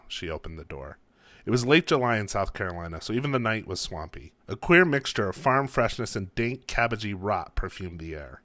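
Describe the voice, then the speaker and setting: Low-voiced man reading his own fiction. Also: lively intonation, a little fast, fairly bright tone, no room sound. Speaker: author.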